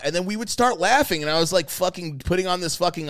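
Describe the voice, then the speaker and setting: Young male co-host, slightly high voice, animated profane storyteller who acts out the quotes. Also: fast talker, dry recording, clean studio sound. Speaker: podcast co-host. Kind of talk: casual storytelling chat.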